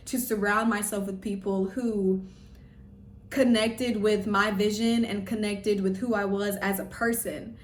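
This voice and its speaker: A woman's voice: medium pitch, measured pace, distant mic. Chatty young woman vlogging, roomy echo. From Louisiana. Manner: chatty, animated, lots of "like" and "y'all". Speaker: pageant vlogger. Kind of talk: casual storytelling vlog. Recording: roomy echo, voice a bit off-mic.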